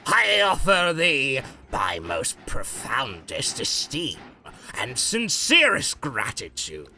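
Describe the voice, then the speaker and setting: A man reading a game's royal figure aloud in a slow, stately, declaiming voice, using archaic formal speech. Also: medium pitch, huge pitch swings, pushed and bright, faint music behind, exaggerated voice.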